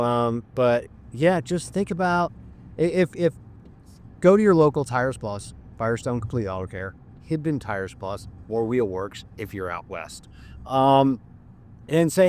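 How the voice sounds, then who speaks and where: A man's voice: mid-range voice, moderate pace, darkish tone. A middle-aged man who works as a mechanic, hosting a podcast in a casual monologue and ranting bluntly with lots of swearing.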